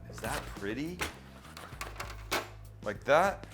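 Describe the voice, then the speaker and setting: Over music, a middle-aged man hosts a casual cooking show from his home kitchen, where the ceilings are low. His voice runs high and expressive, slow with frequent pauses, as he teases, chats, and answers his own questions into a handheld mic occasionally held close.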